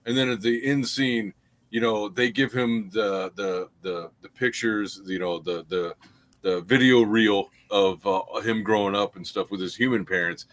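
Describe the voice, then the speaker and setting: A man on a podcast panel, talking in a relaxed way and pausing on fillers. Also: lowish voice. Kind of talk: casual chat.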